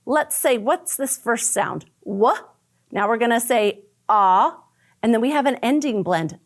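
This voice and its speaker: A woman teaching a phonics lesson to young children, sounding out letter patterns slowly and praising often. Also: on the high side, sing-song. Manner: slow, exaggerated sounding out of letters; cheerful praise and questions to the listener. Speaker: first grade teacher.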